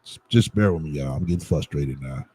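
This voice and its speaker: A man's voice: rumbling low, fairly quick, darkish tone, husky, poor audio. A man, live-streaming and talking to his viewers while he fights with his setup, muttering, swearing and asking them to bear with him.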